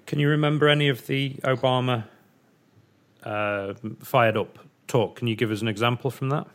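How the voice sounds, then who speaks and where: Male interviewer, quick encouraging prompts, slightly distant sound. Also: mid-range voice, steady tone. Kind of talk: interview questions.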